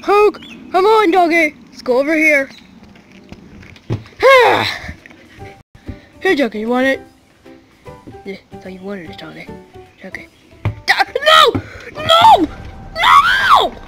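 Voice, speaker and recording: Woman doing a shrill whiny pig king. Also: very animated, unhurried, long pauses, soft background music, heavily acted. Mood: excited. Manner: shouty, repeats himself, whiny sighs. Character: childish grumpy male pig king, fussy and loud. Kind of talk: fan cartoon voice acting.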